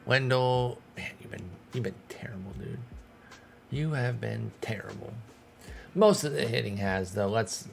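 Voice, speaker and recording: A gaming streamer thinks aloud while managing a baseball team in a video game, talking to himself and his players in casual let's-play commentary. His voice is on the low side, gravelly, and a bit bright, with slight background noise.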